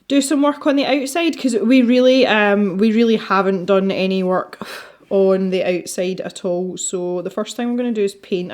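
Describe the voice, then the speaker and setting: A woman's voice: on the low side, darkish tone. A Scottish woman hosting a colouring video, chatting casually and rambling while she works, often laughing. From Scotland. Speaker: colouring channel host.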